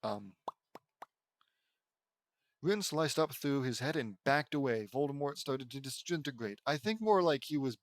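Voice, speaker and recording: A man's voice: mid-range voice, expressive, unhurried, long pauses, no room sound, studio quality. A young man reading fan fiction aloud and breaking off with sarcastic, bemused comments. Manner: sarcastic, riffing, stumbles and laughs at the text.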